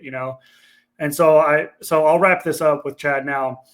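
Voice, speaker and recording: A man's voice: on the high side, fairly even intonation, normal speed, a bit bright. A man from Ohio, a veteran guest on a podcast, telling his personal story in a candid, earnest way and swearing casually. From Ohio, USA.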